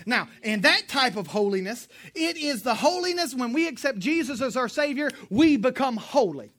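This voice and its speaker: Lady preaching a sermon, bright sharp tone, gets loud and punchy, cracks jokes. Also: sits high, normal speed. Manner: lively, emphatic, joking asides, bursts of shouting.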